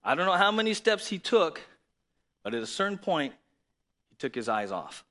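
Man, pastor, conversational sermon, rhetorical questions, high voice, very lively pitch. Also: normal speed. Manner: animated, conversational preaching with repeated rhetorical questions.

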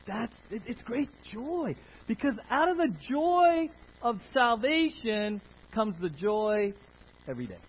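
A man's voice: very high voice, very animated, unhurried, breathy edge, lo-fi sound. A man preaching a sermon, leading the congregation with call-and-response questions. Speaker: pastor.

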